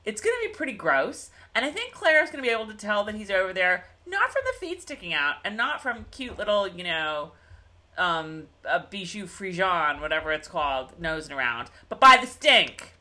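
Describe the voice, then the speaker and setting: A woman's voice: medium pitch, very animated, normal speed, sharp tone. A woman co-hosting a show, chatting casually and recapping an episode with lots of fillers and asides. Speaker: podcast co-host.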